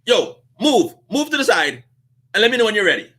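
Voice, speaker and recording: Man doing a pushy counter lady, high and loud, snapping short orders. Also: very animated, breathy edge, exaggerated voice. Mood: brusque. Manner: curt, loud, hurried. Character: brusque impatient woman behind a restaurant counter.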